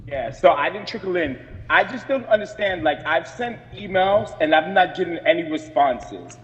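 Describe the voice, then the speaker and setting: A man with a fairly high voice presses his complaint over a video call, aggrieved and insistent, stopping and restarting as he goes. His audio comes through dull and muffled, with a long reverberant tail. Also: animated, normal speed, a bit bright. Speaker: community board member. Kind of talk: remote meeting remarks.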